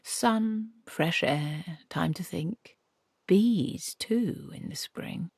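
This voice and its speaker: A woman's voice: lowish voice, extremely slow, creaky, slightly rough, no room sound, clean studio sound, heavily acted. A woman voicing a smug talking apple tree, once a male wizard, with a sly, lecherous, lecturing manner in an audiobook reading.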